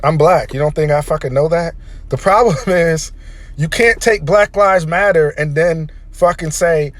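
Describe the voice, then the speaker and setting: A man's voice: on the high side, a little slow, a bit bright, dry recording. A man delivering a heated, profanity-laden opinion rant as a vlogger. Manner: heated, profane, emphatic ranting.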